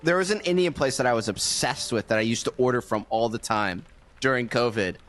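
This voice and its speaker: A man's voice: mid-range voice, fairly quick, fairly bright tone. A man co-hosting a casual podcast chat, rambling and laughing often as he talks. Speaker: podcast co-host.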